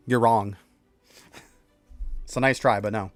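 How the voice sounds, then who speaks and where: A man from upstate New York, outside the city, chats bluntly about gaming with his live-stream viewers in a mild local accent, talking back to chat and laughing between points. His lowish voice stays steady and a little slow, with long pauses, on a dry recording with faint music behind.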